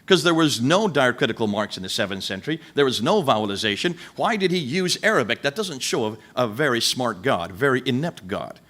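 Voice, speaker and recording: A man's voice: mid-range voice, big pitch swings, brisk, hardly any pauses, fairly bright tone. A man giving a lecture to a live audience, emphatic and full of rhetorical questions, speaking directly to the people in the room.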